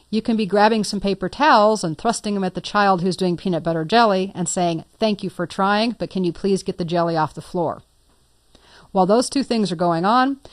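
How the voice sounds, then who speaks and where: A woman's voice: medium pitch, no room sound. Woman giving a chatty computer lesson, dry sound. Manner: conversational, playful teaching with story examples. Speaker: computer instructor. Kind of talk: recorded lecture.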